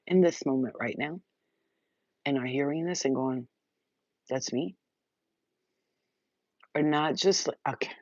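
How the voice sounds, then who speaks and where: A woman spiritual reader talks straight to her viewers in an excited, rambling way, worked up and emotional, with a casual curse here and there. The recording is dry and close, with a slightly dull, muffled sound. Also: rumbling low, no echo. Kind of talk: emotional channeled message to viewers.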